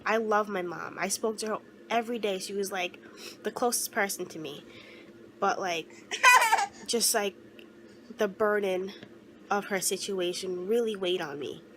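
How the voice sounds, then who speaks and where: A young woman speaks in a personal confessional vlog with a voice of ordinary pitch. She talks in an earnest, halting way and keeps restarting her sentences. She sounds close to tears, and a faint hiss of noise sits behind her. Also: a bit bright, low-quality recording. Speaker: vlogger.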